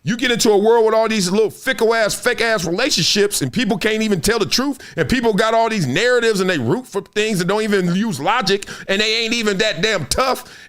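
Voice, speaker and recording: A man hosting a casual commentary show, profane and animated, who keeps acting out little scenes. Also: high voice, fairly quick, hardly any pauses. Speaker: host.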